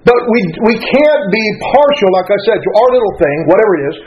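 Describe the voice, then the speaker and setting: High-voiced, fast-talking preaching man. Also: very animated, highs cut off, slight background noise. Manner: earnest, conversational preaching with Bible readings. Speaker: pastor. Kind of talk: sermon.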